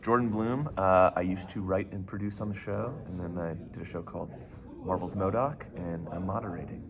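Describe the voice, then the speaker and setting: A man, a former writer and now moderator, tossing in quick joking asides during a press interview. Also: sits low, dull audio, music in the background. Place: busy convention press room. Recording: crowded convention room noise. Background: crowd chatter.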